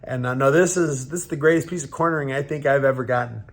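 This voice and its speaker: A man in his thirties, a professional fighter, telling a story casually in a halting way and acting out the lines of the people in it. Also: medium pitch. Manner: halting retelling, acting out quoted dialogue.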